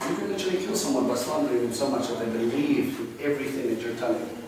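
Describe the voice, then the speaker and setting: A man giving an earnest, animated bible teaching to a congregation and asking them questions. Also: mid-range voice, racing. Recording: echoey room from a distant mic, noisy.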